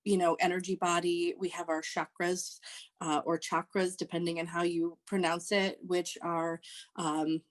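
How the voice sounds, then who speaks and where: A woman, a social worker and Reiki practitioner, explaining her work as a podcast guest in a halting way with many fillers. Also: fairly low pitch, level tone. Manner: hesitant, many ums and restarts. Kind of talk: podcast interview.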